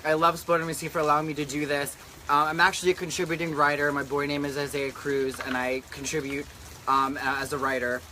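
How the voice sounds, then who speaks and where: A campy man hosting in drag, his voice pitched a bit high with a bright, sharp edge. He chats in a sassy, profane way into a handheld camera out on a humid deck, with a faint hum of outdoor ambience behind him. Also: flat delivery, fast talker. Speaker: drag queen host. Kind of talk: casual chat. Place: outdoor back deck in humid rainy weather.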